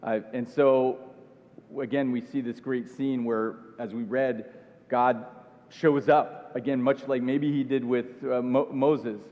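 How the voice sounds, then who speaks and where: A man preaching a sermon in an earnest, searching way, looping back over his words as he builds a point. His voice sits at an ordinary pitch. The sound is a little dull and carries a long reverb, as from a large hall. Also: fairly even intonation, takes it slowly. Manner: earnest, with frequent restarts and repeated phrases. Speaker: pastor.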